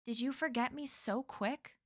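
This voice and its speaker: A woman's voice: mid-range voice, measured pace, a bit bright, no room sound, studio quality. A woman voicing a mocking, sinister shape-shifter. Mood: put-on drawl. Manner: taunting, relishing, switches between put-on accents. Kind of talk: reading a novel aloud.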